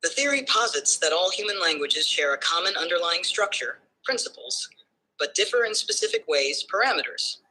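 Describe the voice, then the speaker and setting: A male-sounding synthetic voice assistant explains in a measured, even flow. Its tone is very bright, with a breathy edge, and sits a little high for a man. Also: poor audio. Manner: smooth, measured, evenly paced explaining. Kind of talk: explanatory answers.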